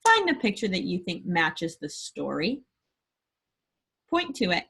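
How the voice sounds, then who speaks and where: A woman teacher leading a phonics lesson for young children, slowly sounding out letters and words and praising the class often. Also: lowish voice, very animated, a bit bright, slightly rough.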